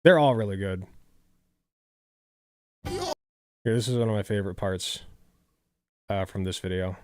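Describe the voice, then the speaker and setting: A man's voice: on the low side, fairly quick, dry recording, clean studio sound. Tired, rambling male streamer. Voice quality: rambling, lots of "like", swears freely. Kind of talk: casual live-stream chat.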